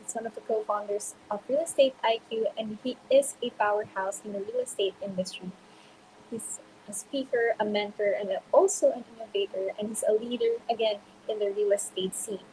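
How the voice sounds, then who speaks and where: A woman's voice: mid-range voice, fairly even intonation, brisk, darkish tone, a little hiss or hum, poor audio. A woman hosting a live webinar, giving an upbeat, scripted welcome with a few fillers. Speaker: host. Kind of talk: webinar host introduction.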